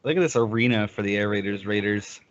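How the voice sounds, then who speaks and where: A man's voice: fairly low pitch, quick pace, slight background noise. A man doing casual, teasing commentary on a live online hockey league stream. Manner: joking, teasing banter. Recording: dull lo-fi stream audio.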